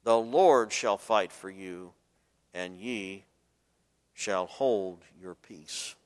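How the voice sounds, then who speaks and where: A man preaching a sermon, swinging between loud emphatic bursts and soft asides, and asking his listeners to fill in the words. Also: low-pitched, very slow, clean tone. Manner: asks the congregation fill-in questions. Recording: long hall reverb.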